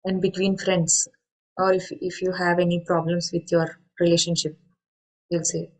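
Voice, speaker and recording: Middle-aged woman, slightly low voice, earnest teacherly talk full of questions to listeners. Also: level tone, moderate pace, rough recording. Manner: earnest, explaining with everyday examples and rhetorical questions. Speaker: meditation speaker. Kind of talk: spoken talk to an online group.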